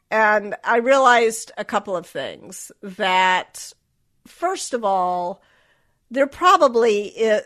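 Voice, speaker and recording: A woman's voice: mid-range voice, fairly bright tone. Candid middle-aged American woman, reflective. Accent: General American, Southern accent dropped. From Southern United States. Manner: reflective, self-deprecating, restarts often. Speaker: author and guest. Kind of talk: candid interview talk.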